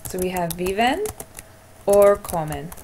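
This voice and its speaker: A woman's voice: lowish voice, animated, measured pace, darkish tone, a little hiss or hum. A woman teaching Spanish verb endings in a screencast lesson, encouraging and talking her students through each answer as she types. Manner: encouraging, talks through typing.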